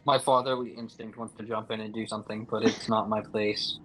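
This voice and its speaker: A young man playing a tabletop game, talking flatly and hesitantly with many fillers. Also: lowish voice, brisk, slight background noise, poor audio. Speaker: player.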